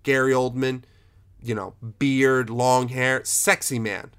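A man hosts a casual film chat at a middle pitch. He talks in an animated, emphatic way and swears freely, with plenty of restarts. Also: takes it slowly, clear, resonant tone.

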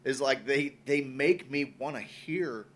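A man's voice: mid-range voice, a little slow. A man in casual podcast conversation, talking emphatically and swearing freely. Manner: expressive, profane, emphatic. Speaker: podcast co-host.

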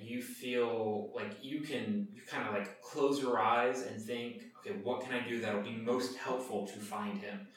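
A man's voice: mid-range voice, slight background noise. Game master, male, casual rambling narration, recorded far off in a roomy space. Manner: loose, rambling narration with fillers. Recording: echoey room, mic far off.

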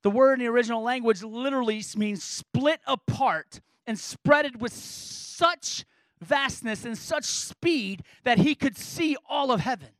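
High-pitched guy preaching, earnest, lots of rhetorical questions, dry sound. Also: a little slow, a bit bright, dry recording, low-quality recording. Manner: earnest, emphatic, asks repeated rhetorical questions. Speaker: pastor. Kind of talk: sermon.

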